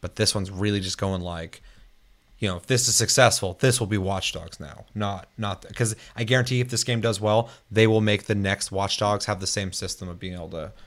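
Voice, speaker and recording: A man's voice: on the low side, fairly quick, fairly bright tone. A young man hosting a casual gaming podcast, laid-back and swearing freely as he rambles. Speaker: podcast host.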